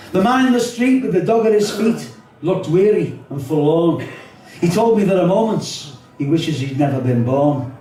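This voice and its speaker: Reciting his own rhymes to a live audience, this older Liverpudlian poet keeps a wry rhythm and adds spoken asides. The dark, higher-pitched voice comes from far off the mic in an echoey hall, with a bit of hiss or hum.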